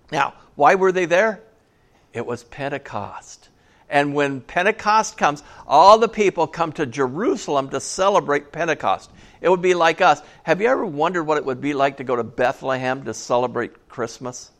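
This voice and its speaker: A man's voice: fairly high pitch, moderate pace, a bit bright. A man preaching a sermon in a church, conversational and jokey, often asking the congregation questions. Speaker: pastor.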